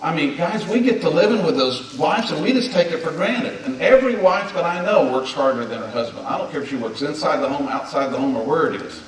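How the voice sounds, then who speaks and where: A man's voice: on the high side, animated, brisk, hardly any pauses. A man in his fifties giving a folksy, emphatic sermon on marriage to a gathering of men, leading them in repeating words back to him. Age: 50s. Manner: folksy, emphatic, leads the audience in call-and-response. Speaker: speaker at a men's gathering. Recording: echoey hall, distant mic.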